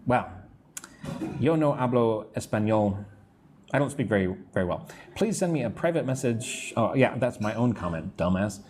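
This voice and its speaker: Casual, lively-voiced male English teacher. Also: mid-range voice, a little hiss or hum. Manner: casual, self-deprecating, slows to model pronunciation. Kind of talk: live-stream lesson reading viewer comments.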